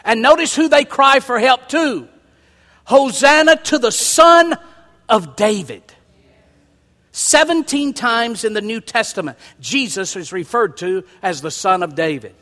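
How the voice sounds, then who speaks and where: A man preaching a sermon as pastor, building from quiet explanation to loud, emphatic calls. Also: high-pitched. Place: church sanctuary. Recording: long hall reverb.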